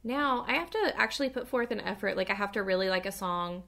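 A woman co-hosting a podcast in casual chat, emphatic and animated, tripping over words when fired up. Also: mid-range voice, creaky. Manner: animated, emphatic, quick asides, stutters when worked up. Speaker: podcast co-host.

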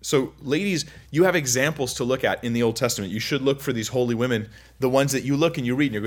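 A man's voice: medium pitch, fast talker, few pauses. A young man giving a casual, chatty Bible teaching, full of anecdotes and self-interruptions. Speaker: preacher.

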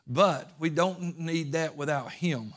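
A man's voice: fairly high pitch, takes it slowly. Preacher man telling a story. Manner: storytelling preacher, swings from hushed to emphatic. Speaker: pastor. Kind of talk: sermon.

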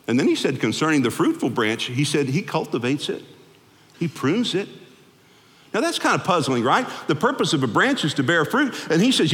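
A man preaching a sermon to his congregation, animated, with sudden swings in pitch and loudness as he acts out the people he quotes. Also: moderate pace. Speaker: pastor. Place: church sanctuary. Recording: long hall reverb.

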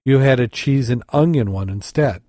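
A man's voice: mid-range voice, normal speed, dark tone, dry recording, studio quality, natural voice. A man voicing a matey, wheedling male pub barman in a told joke. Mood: eager.

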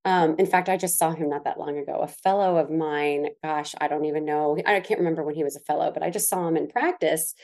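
Lively, animated woman co-host. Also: deep voice, fast, few pauses. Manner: animated storytelling, laughs often, mimics others. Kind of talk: casual chat.

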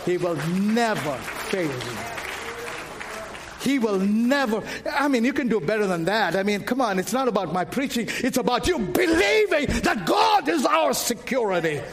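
Impassioned high-voiced male preacher. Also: very animated, normal speed, a faint crowd, a little hiss or hum. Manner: impassioned, calls out to the congregation. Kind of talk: sermon.

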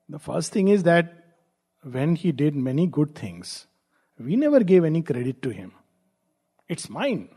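Man, spiritual teacher, high voice, husky, reflective discourse with rhetorical questions. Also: big pitch swings, moderate pace, dark tone.

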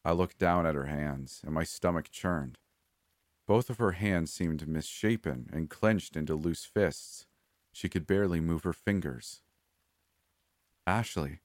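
A man with a very deep, low voice reads a horror story at a steady, measured pace. The sound is dry and close, with no room echo. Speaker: narrator. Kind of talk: scripted horror narration.

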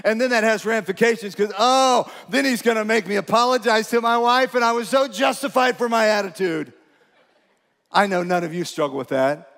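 A man with a high voice preaches a sermon in a large church, and his words ring out in a long hall reverb. He keeps it conversational, throwing questions to the congregation and poking fun at himself. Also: a little fast, a bit bright. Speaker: pastor. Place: church sanctuary.

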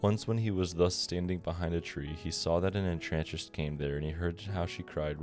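A man narrating a bedtime fairy tale on a podcast in a calm, measured reading. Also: sits low. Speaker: podcast storyteller. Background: soft guitar music.

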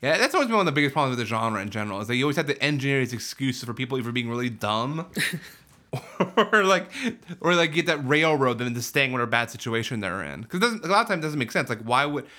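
A man in casual chat, giving quick, opinionated takes with eager energy. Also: mid-range voice, very animated, sharp tone.

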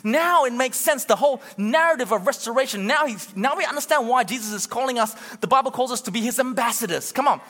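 Bright, high male preacher, animated and urgent, long hall echo. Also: fast, few pauses. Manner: animated, urging the crowd, acts out quotes. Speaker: pastor. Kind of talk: sermon.

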